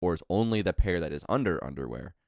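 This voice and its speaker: A man's voice: deep voice, lively intonation, fast, no room sound. A young man telling a long story on a casual podcast, rambling and restarting often. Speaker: podcast co-host.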